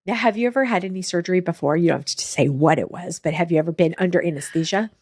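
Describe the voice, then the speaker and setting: A woman interviewing a guest in a casual chat. She is friendly, laughs along, and asks gentle follow-up questions. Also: lowish voice, fast talker, no room sound, clean studio sound.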